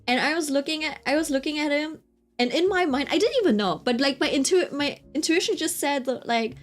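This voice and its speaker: Woman streamer, lively storyteller, fairly high voice, faint music behind. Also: a little fast. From Britain. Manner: chatty, animated, keeps checking in with listeners. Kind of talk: casual storytelling chat.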